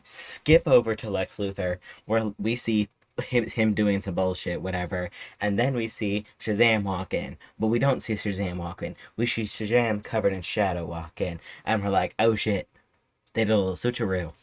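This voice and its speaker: A man giving a rapid, profane, sarcastic retelling as a casual film reviewer. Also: lowish voice, no echo. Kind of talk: casual commentary.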